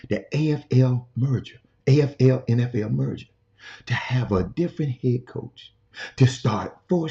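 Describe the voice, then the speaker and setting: A man talks sports at a lively, swooping pitch, hammering his points home and repeating himself as he calls out to his cohost. He speaks into a portable camera in a hotel room. The sound is dull and lo-fi. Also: vocal fry. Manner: emphatic, repeats himself, addresses cohost and viewers directly. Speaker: sports talk show host. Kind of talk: animated casual sports talk.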